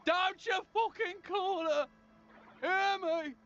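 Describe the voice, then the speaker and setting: A slurring drunk Brummie. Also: male voice, extremely high pitch, slow pace, highs cut off, crowd noise. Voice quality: slurred, mumbling.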